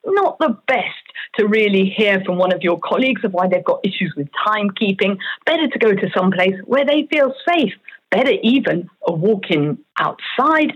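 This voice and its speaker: A woman's voice: mid-range voice, slightly rough. A woman, an author and coach, explaining her ideas step by step in an earnest interview. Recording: dull lo-fi audio.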